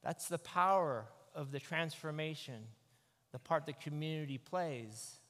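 A man, a pastor, giving an animated, conversational sermon into a microphone. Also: on the high side, a little slow. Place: church sanctuary. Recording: echoey church hall.

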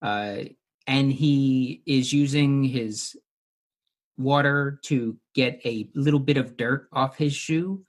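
A man's voice: mid-range voice, slow pace. A man recapping and discussing a television episode with co-hosts in a casual chat, with frequent fillers.

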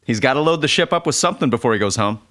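A man guesting on a podcast, calmly laying out a theory step by step. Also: medium pitch, rapid-fire. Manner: deadpan, explains a theory step by step. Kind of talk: casual chat.

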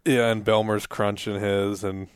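A man's voice: lowish voice, level tone, measured pace, clear, resonant tone, no room sound, studio quality. A man chiming in on a podcast chat with easygoing, joking remarks. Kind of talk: casual chat.

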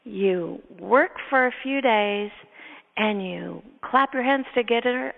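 A woman host telling a story from her work in a lively, animated way, now and then laughing and acting out her own thoughts. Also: a little high, slow pace, creaky. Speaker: neurotherapist and podcast host. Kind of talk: storytelling in casual chat. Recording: tinny phone-line sound with long reverb.

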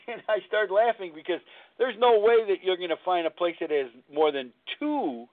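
Man, call-in show host, earnest and rambling, high voice, tinny lo-fi line. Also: animated, normal speed. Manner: rambling, earnest, repeats himself. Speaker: recovery talk show host. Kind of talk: call-in talk show storytelling. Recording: tinny phone-line sound.

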